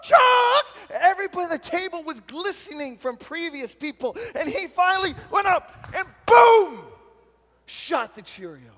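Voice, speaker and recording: A youth pastor giving an animated storytelling talk at a youth retreat and shouting out the punchlines. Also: male voice, very high-pitched. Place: large retreat meeting hall. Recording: long hall reverb from a live talk.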